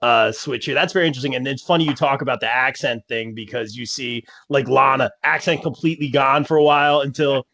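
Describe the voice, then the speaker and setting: A man's voice: mid-range voice, fast, few pauses, sharp tone, no room sound. Man hosting a panel, dry sound. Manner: affirming, hands off questions. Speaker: panel host. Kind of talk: moderating a panel chat.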